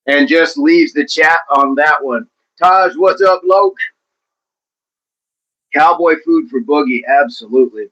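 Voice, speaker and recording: A man's voice: fairly high pitch, unhurried, long pauses, fairly bright tone, lo-fi sound. A man hosting a casual livestream, talking to viewers by name and encouraging them. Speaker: livestream host reading chat.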